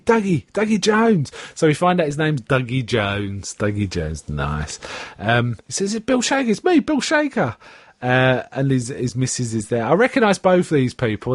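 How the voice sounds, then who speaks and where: A man chatting casually about a TV episode and slipping into high, lively voices for the people in it. His voice sits in a middle pitch and sounds close and dry, as if he is recording in a small treated room. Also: dry recording. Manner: animated retelling, pitching up for quoted characters. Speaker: podcast host. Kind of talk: casual chat recapping a TV episode.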